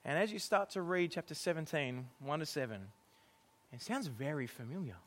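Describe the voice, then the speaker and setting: A middle-aged man preaching a sermon, animated and often laughing as he acts out exasperated lines. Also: a little high, normal speed.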